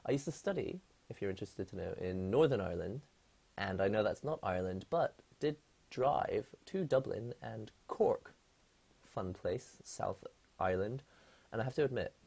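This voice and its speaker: A man's voice: lowish voice, gravelly, warm tone, husky. A man chatting casually on a live stream from his apartment, rambling and laughing often.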